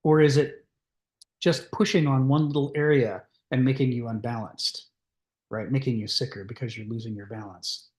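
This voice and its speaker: A man guides a group through a philosophy text, reading passages aloud and commenting at length. He talks discursively and restarts often. His voice sits in a roomy, echoey space at a middle pitch. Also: steady tone, normal speed, darkish tone. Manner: discursive, many restarts and fillers. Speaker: discussion leader.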